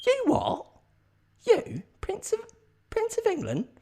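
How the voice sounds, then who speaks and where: A man voicing a disbelieving young mechanic's helper in a squeaky voice. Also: big pitch swings, moderate pace, a little mellow. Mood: incredulous. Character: incredulous young male mechanic's offsider.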